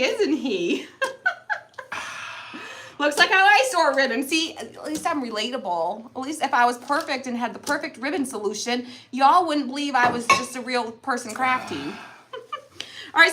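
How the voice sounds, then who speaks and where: A woman's voice: high voice, lively intonation, moderate pace, bright, forceful tone, slight background noise. A middle-aged woman hosting a live crafting tutorial from her home craft room, chatty and playful, laughing often and teasing. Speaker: craft show host.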